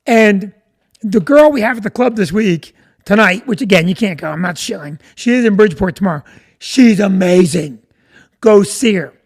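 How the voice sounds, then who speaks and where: A middle-aged man, a comedian telling stories to viewers on a live stream, rambling and stopping to greet people by name. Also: sits high. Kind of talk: casual storytelling to viewers.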